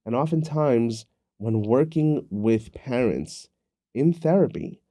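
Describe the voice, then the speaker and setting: A man's voice: medium pitch, expressive, slow, mellow, no room sound, clean studio sound. A man hosting a podcast, telling a story and asking questions in an earnest, conversational way. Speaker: podcast host.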